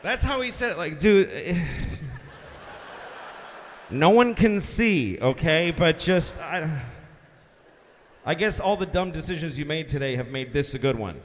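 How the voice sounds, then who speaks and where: A man's voice: fairly high pitch, expressive, a little slow, long pauses, pitched below the performer's own voice. A man voicing a fed-up, sarcastic air traffic controller with a curt manner.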